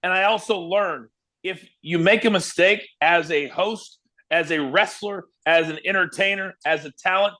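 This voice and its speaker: A man from Kansas, a former wrestling broadcaster, telling animated stories as an interview guest. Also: high voice. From Kansas, USA. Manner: lively, animated storyteller. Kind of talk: storytelling interview.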